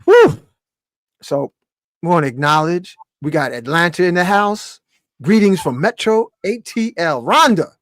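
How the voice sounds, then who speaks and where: A man hosts a video-call livestream, slangy and loose, shouting out names from the chat. His voice sits a little high for a man. The sound is close and dry. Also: animated, unhurried, no echo. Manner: loose slangy banter, shout-outs to viewers. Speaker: livestream host.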